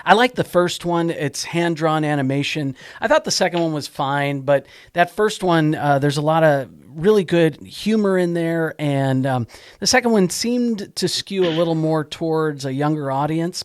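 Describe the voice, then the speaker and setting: Male podcast co-host, somewhat high voice, dry close sound, chatty and fact-heavy. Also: lively intonation, moderate pace, dry recording. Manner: chatty, lists facts and dates. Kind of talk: casual chat about holiday films.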